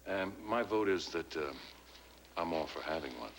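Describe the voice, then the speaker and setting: An actor playing a charming, flirtatious gentleman suitor who talks in a smooth, easy way. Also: low-pitched, expressive, normal speed. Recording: hissy old TV broadcast recording.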